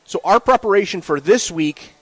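A man's voice: sits high, moderate pace, no room sound, low-quality recording. A man, a sports director telling rambling stories in a casual podcast interview. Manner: rambling, animated storytelling with restarts. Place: restaurant.

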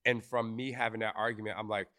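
A man hosts a live podcast in front of an audience, with a fairly low voice. He talks candidly and with feeling, and swears casually now and then. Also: little pitch movement, quick pace, sharp tone. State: briefly tearful. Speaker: podcast host.

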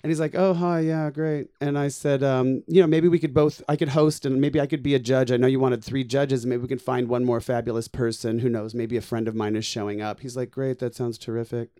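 A man who performs in drag, telling comic stories in casual chat, animated and swearing often as he acts out the people in them. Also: medium pitch, brisk, few pauses, clear, resonant tone, dry recording, clean studio sound.

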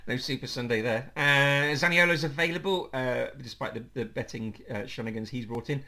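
A man's voice: medium pitch, normal speed, pushed and bright. A man hosting a casual football podcast, chatty, with frequent ums and laughs. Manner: chatty, laughs often, fills with um. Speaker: podcast host.

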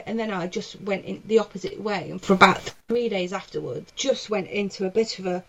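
A woman's voice: mid-range voice, fairly quick, hardly any pauses, muffled recording. A woman, a stand-up comedian, telling a story animatedly on a podcast from her back bedroom, with lots of swearing. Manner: animated, acts out quotes, swears freely. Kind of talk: casual storytelling chat.

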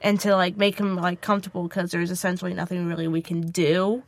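A woman's voice: on the low side, fast talker. A woman co-hosting a casual podcast from a small closet at home, sarcastic, swearing and dry-humored. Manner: sarcastic, swears, deadpan asides. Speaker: podcast co-host. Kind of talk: casual chat.

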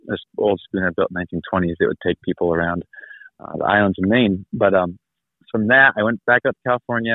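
Man in his thirties, rambling travel story, lowish voice, dry tinny phone line. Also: no echo. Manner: rambling, laughing, acts out quoted people. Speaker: guest. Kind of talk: casual storytelling.

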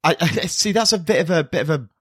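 A man's voice: on the high side, lively intonation, fast talker, fairly bright tone, slightly rough, no echo. A man co-hosting a casual podcast, rambling and self-deprecating with playful swearing. He sounds drowsy and a little worn from hay fever pills. His voice is recorded close and dry, with no room sound. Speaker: podcast co-host. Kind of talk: casual chat.

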